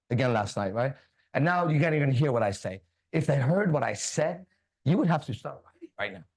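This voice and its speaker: A man hosting a casual talk show, animated, preachy and swearing freely. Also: medium pitch. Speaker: podcast host. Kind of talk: casual chat.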